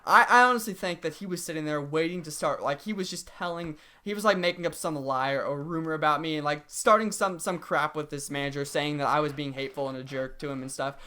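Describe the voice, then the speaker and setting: Fast-talking young man telling a story. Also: a little high, bright, forceful tone. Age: 20s. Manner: rambling, heavy use of "like". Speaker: gaming vlogger. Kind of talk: casual story time.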